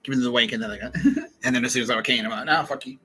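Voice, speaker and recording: A man hosting a podcast, telling a rambling, profane monologue that swings between loud outbursts and low muttering. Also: steady tone, very fast, husky, rough recording. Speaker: podcast host.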